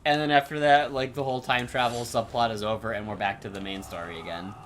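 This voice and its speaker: A man's voice: mid-range voice, fairly even intonation, fast, fairly bright tone, slight background noise. Man rambling through a game story. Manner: rambling, swears, laughs at his own story. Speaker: co-host of a gameplay commentary show. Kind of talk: casual gaming chat.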